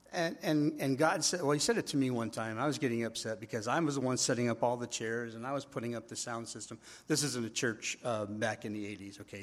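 A middle-aged pastor preaching a sermon in a husky, slightly breathy voice pitched in the usual male range. He speaks conversationally, moving between personal stories and acted-out quotes, and then reading scripture aloud.

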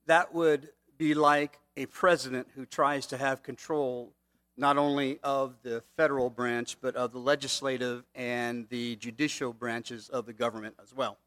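A man's voice: mid-range voice, little pitch movement, moderate pace, fairly bright tone. A man preaching a sermon in a conversational way, often checking in with "okay?" asides. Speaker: pastor.

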